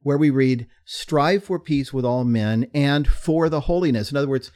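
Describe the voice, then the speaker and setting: A man co-hosting a faith podcast, explaining doctrine in a measured, teacherly way. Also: mid-range voice, darkish tone. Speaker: podcast co-host.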